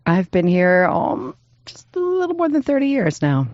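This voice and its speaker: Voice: mid-range voice, wildly swooping pitch, moderate pace, darkish tone, dry recording, lo-fi sound. A host asking questions in casual interview talk, curious and engaged. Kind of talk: interview conversation.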